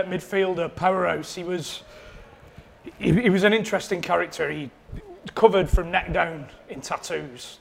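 Gravelly high-voiced man. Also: fairly bright tone, a little hiss or hum. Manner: rambling, self-mocking anecdote telling. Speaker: podcast producer. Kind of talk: casual storytelling.

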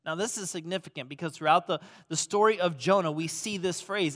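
A man preaching a sermon as pastor, swinging between loud emphasis and hushed, soft passages. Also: fairly high pitch, brisk, hardly any pauses. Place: church auditorium.

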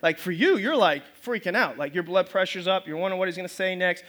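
A man's voice: sits high, fast talker, a bit bright. A man pastor preaching a sermon in a loose, conversational way, often restarting his phrases. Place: church service.

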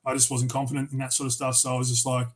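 A man's voice: mid-range voice, completely flat delivery, rapid-fire, rough recording. An Australian man from Tasmania, a metal vocalist who is a podcast guest, telling rambling, profane stories with many restarts. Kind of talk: casual storytelling interview.

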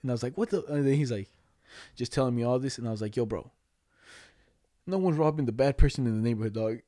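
A young man rattles off a rambling story at a fast clip, full of slang and cursing. His voice is dark and mellow, and the recording is dry and close. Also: mid-range voice, dry recording. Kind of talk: casual chat.

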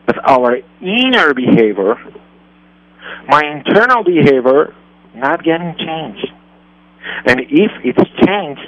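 A man's voice: a little high, gravelly, dry recording. A man who speaks natively, talking earnestly about parenting on a radio show, repeating and rephrasing his points. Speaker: rabbi and radio host. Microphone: radio studio mic. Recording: dull lo-fi radio recording.

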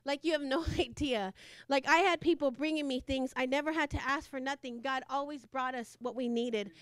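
Woman preacher going hard on a sermon, super high voice, dry sound, keeps repeating herself. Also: steady tone, moderate pace, a bit bright, dry recording. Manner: fervent, repetitive, laughs between phrases.

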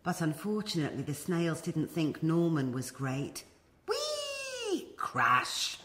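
A woman reading a children's story aloud as a storyteller, expressive and animated. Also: deep voice, moderate pace, background noise.

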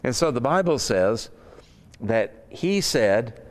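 A man preaching a sermon in an unhurried, conversational way. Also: medium pitch, very animated. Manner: conversational, unhurried, with fillers and asides.

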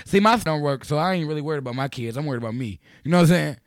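A man from Chicago hosting a community radio call-in show, joking loudly and slangy with friends in the studio. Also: fairly high pitch, lively intonation, racing, hardly any pauses, no room sound. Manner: rowdy, joking, slangy, talks over friends. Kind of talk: loose call-in radio banter.

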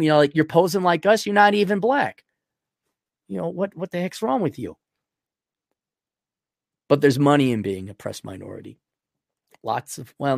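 A man hosting a podcast, reading out donor messages and answering them in blunt, crude, rambling talk that swings from loud outbursts to low muttering. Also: no room sound, clean studio sound. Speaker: podcast host. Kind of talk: livestream donation reading.

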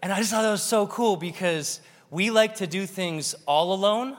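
A man preaching a sermon to a congregation, animated and joking with the audience. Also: high-pitched, moderate pace. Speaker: pastor. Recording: long reverb of a large hall.

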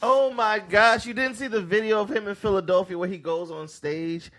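Bright high-voiced man laughing through a story. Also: fairly even intonation, normal speed. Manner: laughing, retells clips with quoted voices. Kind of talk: casual chat.

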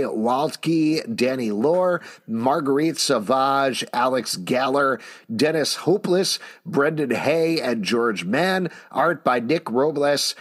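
A middle-aged man co-hosting a casual comic book review podcast, acting out character lines as he talks. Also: on the high side. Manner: animated, acts out character lines mid-sentence. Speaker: podcast co-host.

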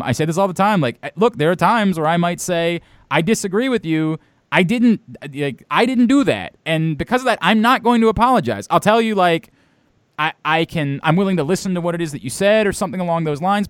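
Emphatic, lively-voiced man from Baltimore. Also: a little high, no echo, studio quality. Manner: emphatic, blunt, swears. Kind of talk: casual opinionated chat.

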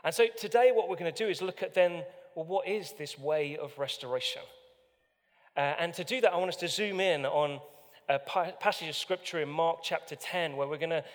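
A man's voice: on the high side, fairly quick. A man leading a Sunday sermon and reading scripture, speaking earnestly and conversationally with frequent fillers. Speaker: pastor. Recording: long hall reverb.

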